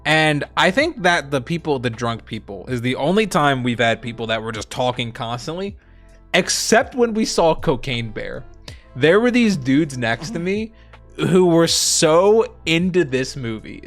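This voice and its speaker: A young man co-hosting a stream, telling rambling, animated stories in casual chat. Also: a little high. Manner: animated storytelling, rambling with restarts. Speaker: streamer co-host.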